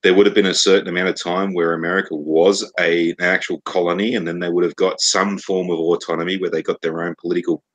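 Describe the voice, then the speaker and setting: Deep-voiced sweary Scottish man. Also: little pitch movement, fast talker, hardly any pauses, fairly bright tone, breathy edge. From Scotland. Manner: profane rambling storytelling. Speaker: podcast co-host. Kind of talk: casual banter.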